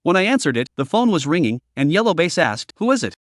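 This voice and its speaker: A man reads a story recap aloud in a scripted narration, his pitch sitting a little above the usual male range and moving a lot from phrase to phrase. The voice is close and dry, with no room sound around it. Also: very animated, brisk, no echo.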